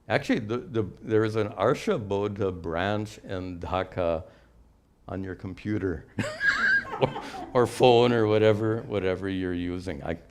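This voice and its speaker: An older man, a spiritual teacher, answering questions in a live teaching session in a patient, explanatory way with light humor. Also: deep voice.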